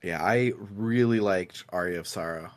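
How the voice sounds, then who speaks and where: A man co-hosting a podcast, chatting casually about video games in a relaxed, rambling way and laughing often. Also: sits low, moderate pace, dry recording. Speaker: podcast co-host.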